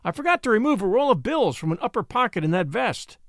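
A man's voice: sits high, sing-song, fast, no echo, clean studio sound, voice pushed up. Man playing a wry panting young lawyer. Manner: panting, dryly humorous. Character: young male attorney, gallant, wry.

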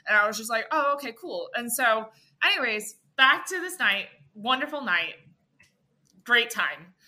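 A young woman, a podcast guest, telling an animated story in casual chat, full of filler words. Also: fairly high pitch, measured pace.

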